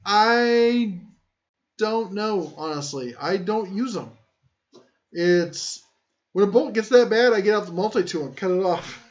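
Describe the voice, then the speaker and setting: A man's voice: high voice, unhurried. A man hosting a casual tool-talk live stream, rambling and joking at his own expense as he reads chat. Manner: rambling, joking, self-deprecating. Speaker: tool channel host. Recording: muffled lo-fi stream audio.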